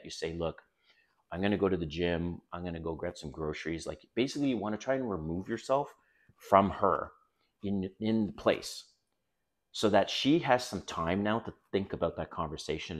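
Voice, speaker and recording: Speaking in a low-sitting voice, a middle-aged man runs a dating advice video. His manner is casual and blunt, with occasional swearing, and he keeps calling his audience guys.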